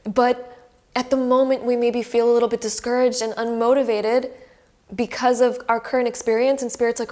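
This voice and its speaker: A woman's voice: a little high, fairly even intonation, brisk, a little mellow. A young woman giving a casual pick-a-card tarot reading to her camera. She talks in an effusive, emotional way and says "like" a lot. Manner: chatty and effusive, heavy use of "like", emotional. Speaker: tarot reader. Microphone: camera close by.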